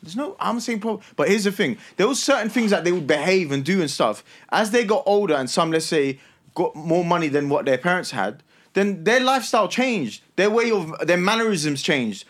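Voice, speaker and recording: A man with a London accent and a slightly high voice asks the others to hear him out. He lays out his point in a measured way during a casual podcast debate. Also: sing-song, fairly bright tone. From Southwest London.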